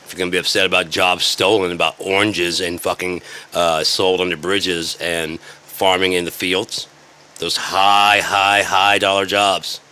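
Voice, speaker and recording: A deep, forceful male voice delivering a sarcastic, rambling rant. He swears freely and jumps from point to point like an online commentator sounding off. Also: level tone, a little slow, clear, resonant tone. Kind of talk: ranting commentary.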